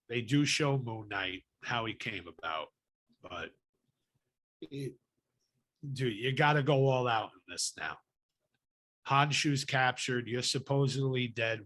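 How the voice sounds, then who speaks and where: A man's voice: mid-range voice, fairly bright tone. A man hosting a podcast in casual chat, swearing freely and ranting heatedly. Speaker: podcast host.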